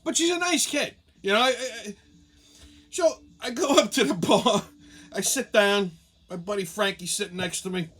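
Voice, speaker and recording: A man's voice: high-pitched, normal speed, a bit bright, slight background noise. A man hosting a show, telling a rambling comic story full of profanity. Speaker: show host.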